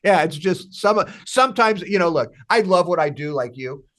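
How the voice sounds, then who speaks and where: A man's voice: high voice, expressive, moderate pace, a bit bright. A man telling a story in a casual interview, repeating words and laughing as he talks.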